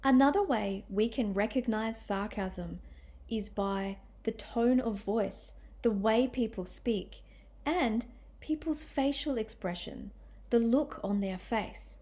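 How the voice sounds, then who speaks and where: Slow, deliberate woman teaching English. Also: a little high, warm tone. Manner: clear, deliberate, demonstrates tones of voice. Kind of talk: scripted lesson narration.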